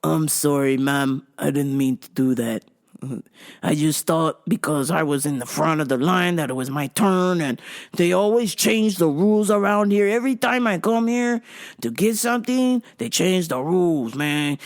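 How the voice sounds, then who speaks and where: A woman's voice: low voice, measured pace, pitched below the performer's own voice. Woman doing a grumbling frail old man. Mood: aggrieved. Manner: complaining, self-justifying. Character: pushy frail old man in a line, aggrieved.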